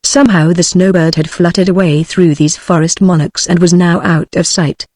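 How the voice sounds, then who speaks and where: A woman's voice: fairly low pitch, normal speed, no echo, clean studio sound. A text-to-speech voice of a woman with a British English accent narrating an adventure novel as an audiobook. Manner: even synthetic reading.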